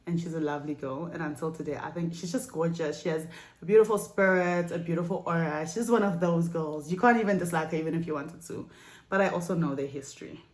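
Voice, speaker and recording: A woman's voice: fairly low pitch, roomy sound. A young South African woman in her twenties, telling a story to her channel in a chatty, dramatic, slangy way. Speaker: vlogger. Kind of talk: casual storytime chat.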